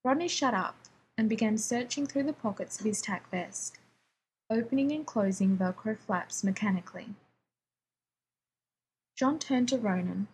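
A woman reading a story aloud, calm and even, taking her time over every sentence. A faint low rumble sits under her voice. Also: a little slow, pauses often, low-quality recording. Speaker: narrator. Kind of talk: reading fan fiction aloud.

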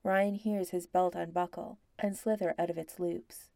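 Female narrator, low gravelly voice, very slow hushed storytelling, dry close sound. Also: steady tone, no room sound. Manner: slow, hushed and intimate, slipping into whispers.

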